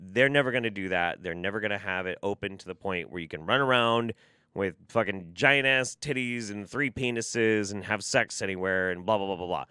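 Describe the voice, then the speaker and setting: A man's voice: on the low side, a little fast, bright, forceful tone, clean tone, no echo, clean studio sound. A man giving reaction commentary, ranting in an exasperated, profane way. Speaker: commentary YouTuber.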